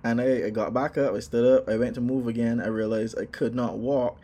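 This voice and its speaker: A man casually telling a personal story, animated, acting out his own exclamations. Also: medium pitch, brisk.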